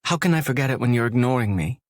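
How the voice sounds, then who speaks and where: Man voicing a raspy, teasing young woman. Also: medium pitch, animated, quick pace, no echo, studio quality, pitched above the performer's own voice, lightly acted. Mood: probing. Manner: playful then probing, questioning. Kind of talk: audiobook narration.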